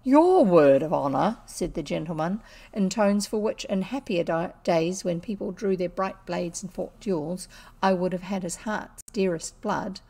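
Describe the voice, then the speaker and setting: A woman with a New Zealand accent, reading a classic children's story aloud in an expressive, measured way. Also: fairly low pitch. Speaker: audiobook reader. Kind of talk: storybook narration.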